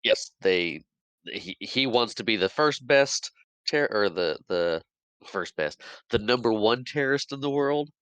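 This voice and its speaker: A man's voice: medium pitch, animated, a little slow, fairly bright tone, clear, resonant tone, no room sound. A man co-hosting a movie podcast who laughs often and playfully disagrees. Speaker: podcast co-host. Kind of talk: casual movie chat.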